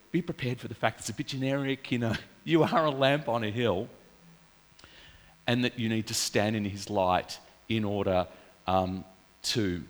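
A man preaching a casual, story-filled sermon in a church. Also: fairly low pitch. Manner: chatty, storytelling, animated with laughs. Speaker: pastor. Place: church hall. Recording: reverberant church hall.

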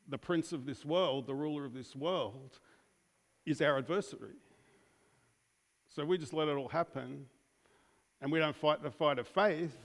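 An Australian preacher with a somewhat high voice delivers a loose, conversational sermon. He restarts often and keeps asking the congregation questions. His voice rings with the long reverb of a church hall.

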